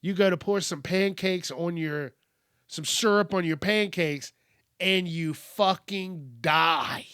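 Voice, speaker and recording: A man's voice: sits high, takes it slowly, pushed and bright, clear, resonant tone, no room sound, studio quality. A male podcast host riffing casually on news stories, joking and swearing freely. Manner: profane, joking, rhyming asides.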